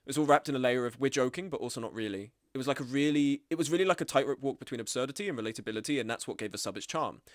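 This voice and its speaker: A man, streaming and chatting casually, animated and blunt, with frequent swearing and mimicking of others. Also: very fast, hardly any pauses, no room sound, clean studio sound. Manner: animated, swearing, acts out quoted people in higher voices. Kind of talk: casual live-stream commentary.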